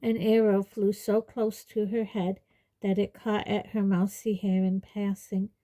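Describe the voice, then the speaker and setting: A woman reading a fantasy novel aloud in a measured audiobook narration. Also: medium pitch, flat delivery, dark tone, low-quality recording. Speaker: reader.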